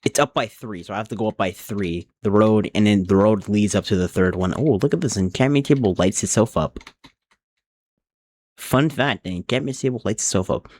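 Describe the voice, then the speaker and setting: Young man, slightly low voice, casual rambling, live game stream, thinking aloud, desk mic, keyboard typing behind. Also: a little fast, a little mellow, no echo. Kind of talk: casual live-stream chat while gaming.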